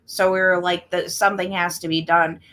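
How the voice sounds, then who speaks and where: A woman's voice: lowish voice, little pitch movement, a little fast, fairly bright tone. Woman co-host, loose chatty delivery, trails off and restarts often. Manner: rambling, many restarts and "like"s. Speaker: podcast co-host. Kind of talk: casual chat.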